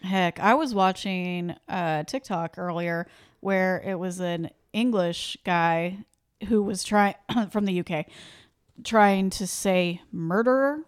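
A woman's voice: on the low side, slow, smooth. A young woman co-hosting a podcast with her sister, chatting casually, joking and laughing often. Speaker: podcast co-host. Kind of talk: casual chat.

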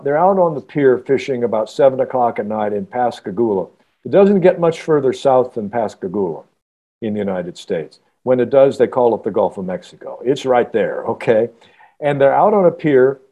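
A man, an author guest on a podcast, telling a story in a halting, earnest way with many restarts. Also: medium pitch, warm tone. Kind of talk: casual podcast interview storytelling.

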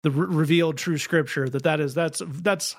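Wry, chatty man with a higher voice. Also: steady tone, moderate pace. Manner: chatty, wry, repeats words as he starts sentences. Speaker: podcast co-host. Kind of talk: casual chat.

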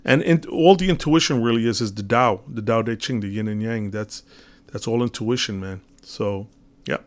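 A man's voice: fairly low pitch, normal speed. A man giving a casual, rambling monologue on spiritual teachings, telling a parable with many fillers and restarts.

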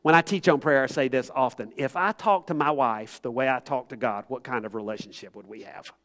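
A man's voice: mid-range voice, a little fast, a bit bright. A man, preaching an earnest, conversational sermon to a congregation in a church. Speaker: pastor. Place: church sanctuary.

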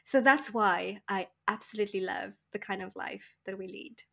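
A woman from Mauritius telling lively stories as a guest in a casual interview, acting out the people she met. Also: mid-range voice, moderate pace, vocal fry. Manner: animated storyteller, acts out voices and laughs often. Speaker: podcast guest.

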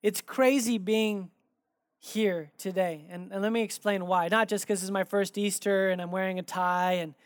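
A man's voice: sits high, fairly even intonation, moderate pace, dry recording, clean studio sound. A man preaching a sermon in a conversational, storytelling way, animatedly acting out the dialogue in his stories. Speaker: pastor.

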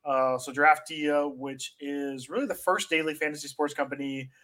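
A man's voice: a little high, steady tone, moderate pace, bright, forceful tone. Conversational male podcast host. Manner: loose and conversational, many fillers and restarts. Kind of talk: casual sports-tech chat.

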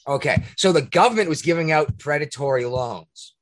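A man hosting a podcast, ranting in casual talk, profane and indignant, with a husky voice. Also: on the high side, animated, normal speed. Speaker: podcast host. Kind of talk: heated casual rant.

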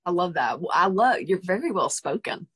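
Husky-voiced woman host, enthusiastic. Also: fairly low pitch, sing-song, moderate pace. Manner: enthusiastic, playful, affirming. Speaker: podcast host. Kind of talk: casual podcast conversation.

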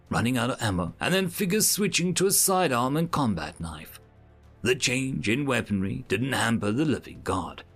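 A man who hosts an audiobook channel, reading a sci-fi short story aloud in a lively, expressive way. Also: mid-range voice. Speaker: audiobook narrator and channel host.

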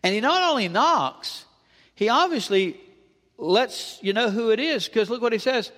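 A man preaching a sermon as a pastor, animated, with emphatic rises and drops. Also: extremely high pitch, unhurried. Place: church sanctuary with long reverb. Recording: reverberant church hall.

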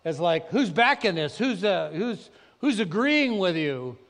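Animated preacher in a reverberant hall. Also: male voice, high voice, measured pace. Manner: conversational, animated preaching with sudden loud emphasis. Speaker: pastor. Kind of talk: sermon. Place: church sanctuary.

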